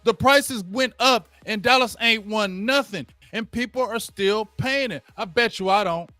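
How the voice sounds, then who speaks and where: A man's voice: sits high, normal speed, sharp tone, no room sound, faint music behind. A man hosting a sports show, ranting casually and talking straight to his viewers during a live game watch-along. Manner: ranting, addresses viewers directly; casual slangy talk. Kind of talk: live play-by-play rant while watching a game.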